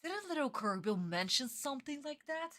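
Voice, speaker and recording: A woman's voice: sits high, big pitch swings, normal speed, sharp tone. A young woman streaming her reaction to a dubbed anime, chatting casually with viewers, exasperated, swearing and bursting into laughs.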